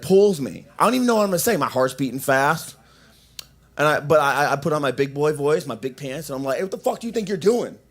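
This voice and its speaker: Young guy doing open mic standup at a coffee shop, rambly, keeps saying like and right. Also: a little high. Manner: rambling, restarts, lots of "like" and "right?". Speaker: stand-up comedian.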